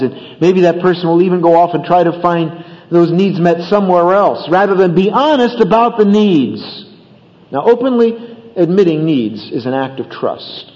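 A man's voice: a little high, in a large hall, dull audio. A man preaching a sermon about marriage in an earnest manner, with rising emphasis and acted bits of dialogue. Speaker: pastor.

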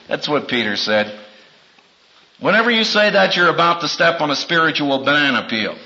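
A man preaching a sermon in a dramatic way, acting out quotes with big swings in pitch. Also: expressive, moderate pace, pushed and bright, highs cut off.

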